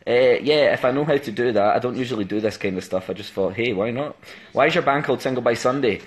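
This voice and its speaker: A man's voice: mid-range voice, fast talker. A young man in his twenties with a Scottish accent, chatting casually and teasingly on a phone live stream, full of ums and jokes. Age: 20s. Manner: teasing, jokey, rambling with fillers. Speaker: band member.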